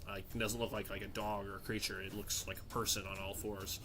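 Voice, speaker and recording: A man narrating as game master of a tabletop game, describing scenes slowly with many fillers. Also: lowish voice, little pitch movement, over music.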